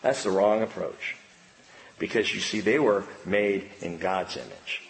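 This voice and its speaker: A middle-aged male pastor preaching a sermon with animated delivery, acting out the voices of children and parents. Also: sits low, measured pace, gravelly. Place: church sanctuary. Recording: long reverb in a large hall, faint background ambience.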